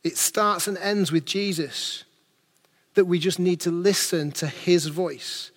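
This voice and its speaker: A man's voice: high-pitched, takes it slowly, in a large hall. A man preaching a sermon as pastor, earnest and building his points through rhetorical questions.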